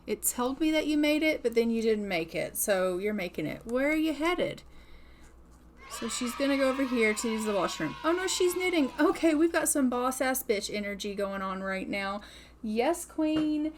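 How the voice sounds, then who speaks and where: A woman's voice: on the high side, animated, moderate pace, a little hiss or hum. A young woman giving chatty, playful commentary on a life-simulation game and cheering her character on. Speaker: gaming channel host. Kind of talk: casual gameplay commentary.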